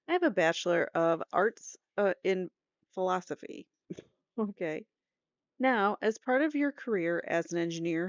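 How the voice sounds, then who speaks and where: A woman's voice: medium pitch, no echo, dull audio. A woman host reading aloud from a trial transcript, breaking off often with casual joking comments. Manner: reads both sides of testimony aloud, breaks off with joking asides and laughs.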